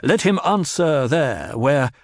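A man's voice: on the high side, lively intonation, slow pace, no echo, clean studio sound, pitched above the performer's own voice, full character voice. A man voicing a cold, commanding young duke.

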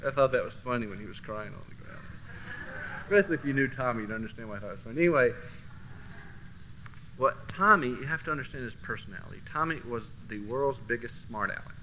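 A man teaching a Christian class through personal storytelling, swinging from low murmurs to loud bursts. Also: quick pace. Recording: dull lo-fi recording with faint hiss.

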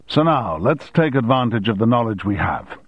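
A man's voice: mid-range voice, very animated, normal speed, husky, no echo, dull audio. A man voicing a commanding middle-aged male newspaper boss who gives curt orders.

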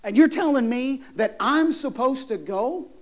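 A man's voice: very high voice, expressive, unhurried. Brief: anxious protesting young man, incredulous and pleading, put on by a preacher.

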